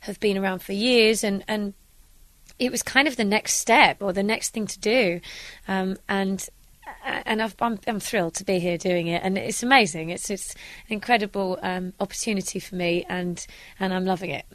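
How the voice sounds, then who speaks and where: A young woman with a British accent, chatting brightly as an interview guest and often restarting her sentences. Her voice sits in a middle register and sounds close and dry, with no room around it. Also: medium pitch, steady tone, moderate pace, no room sound. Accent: British English. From England. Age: young adult. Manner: chatty and upbeat, many restarts. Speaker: stage actress, guest. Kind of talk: casual interview answers.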